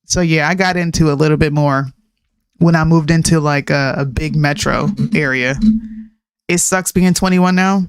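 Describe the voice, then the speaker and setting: A woman in her thirties, a podcast co-host, chatting casually and ranting in an animated way, mixing in slang and laughs. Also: low-pitched, moderate pace, clean tone, dry recording. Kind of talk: casual chat.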